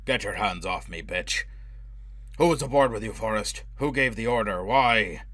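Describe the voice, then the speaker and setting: A man voicing a brutal, obsessed avenger in an audiobook, with a low, harsh, driving delivery. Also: moderate pace, fairly bright tone, no echo. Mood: menacing. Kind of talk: audiobook character voice.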